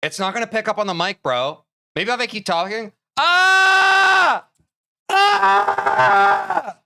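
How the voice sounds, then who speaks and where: Streaming live, a young man talks to his chat in a high, bright, pushed voice at a quick pace. He's chatty and counts aloud as he plays.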